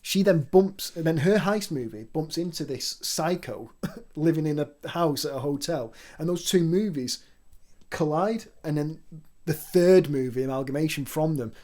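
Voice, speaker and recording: Man, podcast co-host, rambling chatty talk, slightly high voice. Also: moderate pace, darkish tone. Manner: chatty, rambling, teasing, many restarts. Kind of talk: casual podcast chat.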